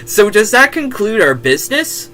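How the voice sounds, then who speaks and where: A man's voice: high-pitched, big pitch swings, normal speed, pushed and bright, slight background noise, pitched above the performer's own voice, exaggerated voice. A man voicing a cocky male warrior monk in a fake British accent while reading a fan story. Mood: polite.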